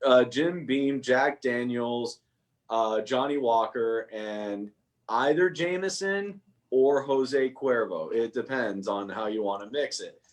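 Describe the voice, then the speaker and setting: Man, young adult, guest, video call, mid pitch, self-mocking storyteller. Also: takes it slowly. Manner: storytelling, laughs at himself. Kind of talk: casual video-call chat.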